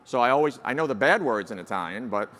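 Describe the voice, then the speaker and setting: A man's voice: medium pitch, animated, quick pace, fairly bright tone. A man in his sixties with a New York accent gives a folksy, self-deprecating keynote address as incoming society president, with plenty of uh fillers. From New Jersey, United States. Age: 60s. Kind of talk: conference keynote speech. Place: large conference hall. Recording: large hall with long reverb.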